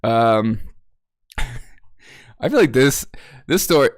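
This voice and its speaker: A man's voice: medium pitch, lively intonation, very slow. A sarcastic man hosting a comedy news show, riffing in a mocking tone and laughing at his own jokes. The sound is dry and close, with no room echo around his voice.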